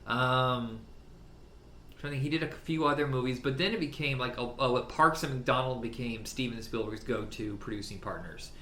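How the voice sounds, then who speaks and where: A man in casual conversation about films, lively and profane, quick to laugh. His voice rings in a roomy space, with faint background noise beneath it. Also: mid-range voice. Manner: animated, swears freely, laughs often. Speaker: podcast co-host. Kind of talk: casual film chat.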